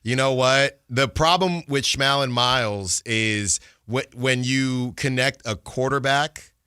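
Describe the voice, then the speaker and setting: Chatty bright-voiced radio host man. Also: slow, clear, resonant tone, no room sound, clean studio sound. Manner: chatty, animated, jumps pitch when excited. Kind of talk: casual sports talk.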